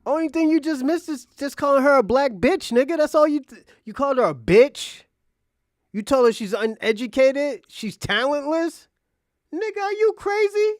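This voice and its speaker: High-voiced man ranting angrily. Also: animated, moderate pace, no echo, clean studio sound. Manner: angry, profane, incredulous ranting. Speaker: commentary streamer. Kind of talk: heated reaction commentary.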